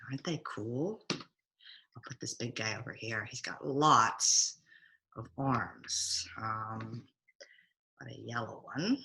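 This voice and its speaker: Lively, slow-paced woman teaching kids' yoga. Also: extremely low pitch, roomy sound, noisy background. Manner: playful, expressive, coaching children through poses. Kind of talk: storytime yoga lesson for children. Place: home room, teaching over video call. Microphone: video call mic.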